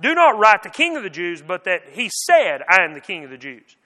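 A crowd of accusing men, insistent and demanding, voiced high and bright, as a male reader puts them on. Every outcry rings out in a long hall reverb. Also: big pitch swings, moderate pace, heavily acted.

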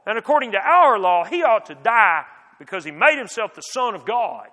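A man's voice: high voice, sing-song, normal speed, pushed and bright, pitched above the performer's own voice, exaggerated voice. A man voicing an insistent, hostile crowd. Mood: demanding. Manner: insistent, demanding. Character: hostile crowd of accusers, men. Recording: long hall reverb.

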